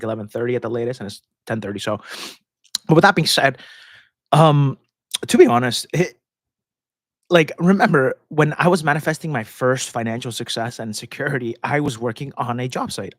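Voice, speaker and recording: Speaking at a medium pitch with no room sound, a man hosts a casual live-stream Q&A, answering viewer questions into a close desk microphone. He rambles chattily and often laughs mid-sentence.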